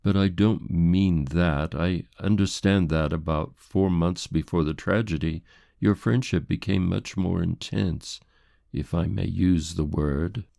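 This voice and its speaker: A man playing a stern, grave middle-aged police inspector who speaks formally and in a measured way. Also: sits low, vocal fry, mellow, no room sound, studio quality. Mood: grim.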